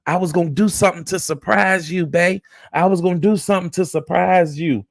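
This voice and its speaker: A man's voice: sits high, steady tone, brisk, vocal fry, dry recording, studio quality, pitched above the performer's own voice. A man voicing an older woman caught on a livestream, stammering and pleading with her partner. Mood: flustered. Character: older woman flustered while streaming live.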